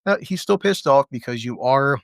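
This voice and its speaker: Brief: male reviewer, mid-pitched, crude and sarcastic, dry close sound, casual rant. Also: expressive, gravelly, dry recording. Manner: impersonates characters in quick asides. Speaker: TV show reviewer.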